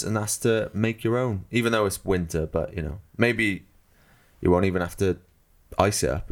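A Welsh-accented man co-hosts a podcast in a low voice. He jokes around and laughs often in easy, casual chat. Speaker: podcast co-host.

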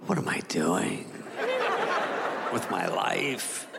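A man's voice: fairly high pitch, huge pitch swings, normal speed, over a noisy crowd. A man voicing a fat, lazy, gluttonous male wiener dog who grumbles to himself. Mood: mopey. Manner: grumbling, self-pitying inner monologue. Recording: reverberant hall with ambient noise.

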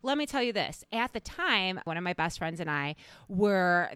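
A woman's voice: fairly low pitch, normal speed, smooth, no room sound, studio quality. A woman co-hosting a podcast with her sister, chatting casually and acting out what people said. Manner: chatty, lively quoting of others. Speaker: podcast co-host. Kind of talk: casual chat.

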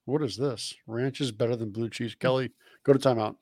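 A man co-hosting a casual sports podcast stream, dropping quiet joking asides. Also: mid-range voice, fairly even intonation, a little fast, no room sound, clean studio sound. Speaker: podcast co-host. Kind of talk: casual banter livestream.

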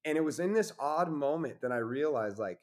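A man's voice: a little high, expressive, brisk. A man talking as a podcast guest in casual conversation, intense and preachy, swearing freely.

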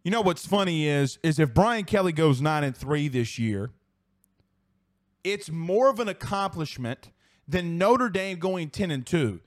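This man from South Louisiana speaks with a local accent and a high-sitting voice. He hosts a sports talk show, reading live comments aloud and ranting with heat and plenty of profanity.

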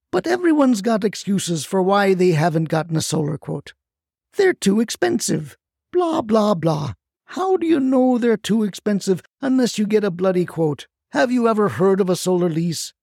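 A man plays a feisty old grandmother, impatient and indignant, her voice jumping high into shrill scolding outbursts. The tone is gravelly and mellow, recorded close and dry for a storybook telling. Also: no room sound, heavily acted. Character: feisty impatient retired grandmother, older woman.

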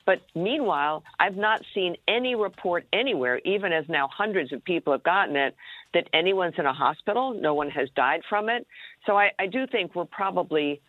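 A woman's voice: fairly low pitch, expressive, no echo. Woman commentator on a tinny phone line. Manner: measured, hedging, thinking aloud. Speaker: news commentator guest.

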